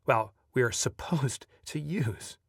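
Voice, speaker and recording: A man reading his own audiobook aloud, lively as a storyteller and breaking off now and then for casual asides. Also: mid-range voice, slow pace, breathy edge, dry recording, clean studio sound, recorded from a distance. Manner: lively storyteller who breaks off to chat offhand. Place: video recording setup.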